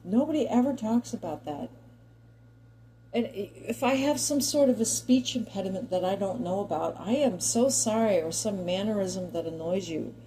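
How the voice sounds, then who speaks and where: Chatty woman with a warm, mellow voice. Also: mid-range voice, normal speed, rough recording. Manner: chatty and digressive, talks directly to viewers. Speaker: commentary vlogger. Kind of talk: opinion monologue to camera.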